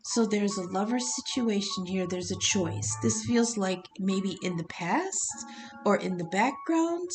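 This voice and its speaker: A woman talks through a tarot spread in a relaxed, meandering way, thinking out loud and swearing casually. Her pitch sits in a middle range for a woman. Soft music plays faintly behind her voice. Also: unhurried, poor audio. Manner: rambling, conversational, swears casually. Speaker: tarot reader. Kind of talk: casual tarot reading vlog.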